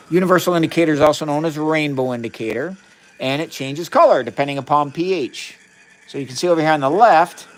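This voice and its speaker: A man on a live science stream, chatting casually as he runs experiments in a chemistry lab and greets viewers by name. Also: mid-range voice.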